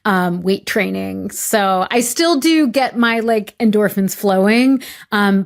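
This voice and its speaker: A woman in her forties with a light Boston accent, speaking as a podcast guest. Her pitch sits in the middle range, and her talk is chatty and relaxed, sprinkled with laughs and "like"s. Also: creaky. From Massachusetts, USA. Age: 40s. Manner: chatty, laughs often, many "like"s. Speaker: author guest. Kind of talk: podcast interview.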